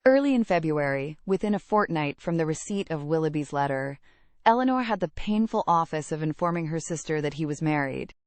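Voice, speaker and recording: A woman narrating a classic novel aloud in a measured, even reading. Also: sits low, no echo. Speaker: audiobook narrator. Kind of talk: scripted narration.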